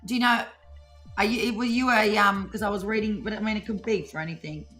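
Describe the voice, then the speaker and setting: Australian woman, live-stream co-host, bright chatty voice, playful teasing tone. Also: mid-range voice, fairly even intonation, fairly quick, soft background music. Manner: chatty, teasing, laughs often, Aussie slang. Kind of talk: casual live-stream chat.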